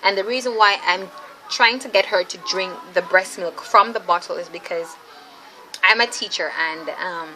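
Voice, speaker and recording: A young woman telling a story in a casual, animated vlog, chatty and often laughing, speaking to viewers as "ladies". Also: lowish voice, moderate pace, rough recording. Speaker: vlogger, mother.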